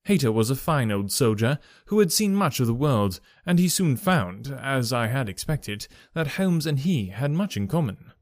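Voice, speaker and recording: A man reads a classic story aloud in an even storytelling manner. His voice sits mid-range and sounds dry and close to the mic. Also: mid-range voice, normal speed, few pauses, dry recording. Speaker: audiobook narrator. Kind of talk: scripted narration of a classic story.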